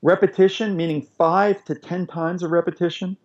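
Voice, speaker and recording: Animated man explaining on a muffled recording. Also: sits high, normal speed. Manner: animated, demonstrates with acted voices. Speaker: guest parenting expert. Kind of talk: explanatory interview talk. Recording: dull lo-fi recording.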